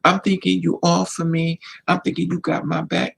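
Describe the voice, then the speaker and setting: A man vlogging life advice, hammering his points home through repetition. His voice is gravelly and a little husky, and it sits fairly high for a man. The delivery stays casual but has the insistence of a sermon. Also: monotone, moderate pace, a bit bright, poor audio. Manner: emphatic, repetitive, preachy. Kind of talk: casual advice monologue to camera.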